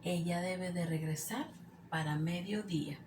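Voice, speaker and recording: A woman teacher, drilling English grammar examples one by one in a slow, deliberate recorded lesson. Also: on the low side, a little mellow, a little hiss or hum, poor audio. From Mexico.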